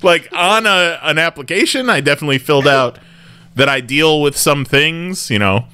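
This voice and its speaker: A man's voice: a little high, lively intonation, normal speed, sharp tone, smooth. A man hosting a podcast in casual chat, rambling with restarts and laughing often. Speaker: podcast host.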